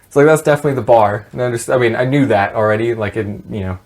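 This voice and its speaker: A man's voice: mid-range voice, quick pace, darkish tone. A man co-hosting a podcast in casual chat, rambling and swearing as he retells stories with laughs. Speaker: podcast co-host. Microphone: podcast mic.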